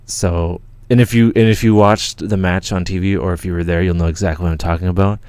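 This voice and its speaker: A man from Canada tells a story on his livestream in a deep, low voice. He rambles, restarts and swears freely as he gets worked up. The sound is dry and close, with no room echo. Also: steady tone, a little fast, a little mellow, smooth. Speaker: channel host.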